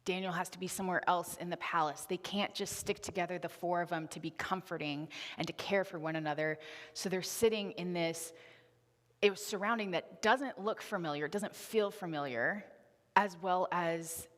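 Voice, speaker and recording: A woman's voice: on the low side, moderate pace. A woman in her twenties giving a candid, conversational sermon with a personal story in a church. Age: 20s. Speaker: preacher. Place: church sanctuary. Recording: reverberant church hall.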